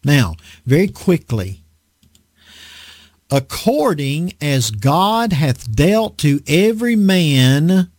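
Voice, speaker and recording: Animated, lively-voiced male preacher. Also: on the high side, drawn-out words, dry recording, clean studio sound. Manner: animated, asks the audience rhetorical questions. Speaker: preacher teaching a Bible lesson. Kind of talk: conversational sermon.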